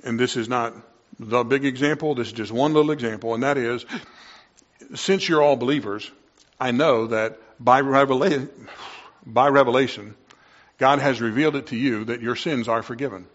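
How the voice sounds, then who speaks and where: Male preacher delivering a sermon, mid-pitched, passionate, with swings from hushed to loud; dull lo-fi recording. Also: moderate pace. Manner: impassioned, swings from quiet to loud.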